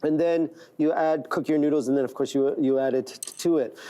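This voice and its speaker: A man's voice: fairly high pitch, steady tone, brisk, mellow. A man from Korea, a guest chef on a TV talk show, walking hosts through recipes step by step with frequent "right?" checks. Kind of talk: cooking demonstration. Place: TV studio kitchen.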